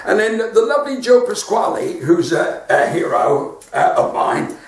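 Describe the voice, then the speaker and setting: A man's voice: high voice, sing-song, measured pace, roomy sound, distant mic. A man with a West Country accent doing chatty stand-up comedy from his front room, laughing at his own jokes. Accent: West Country English. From West Country of England. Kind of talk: live-streamed stand-up comedy chat.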